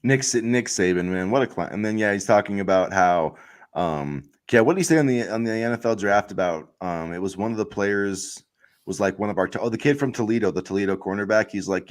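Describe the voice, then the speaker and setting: A man's voice: fairly low pitch, fairly quick. A man co-hosting a casual sports chat podcast, ranting heatedly with lots of filler words. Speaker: podcast co-host.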